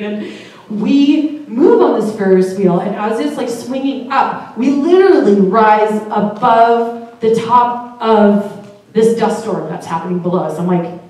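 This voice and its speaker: Woman, live storyteller, casual, laughs easily, mid pitch, echoey room, distant mic. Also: warm tone. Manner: casual, chatty, laughs often, swears.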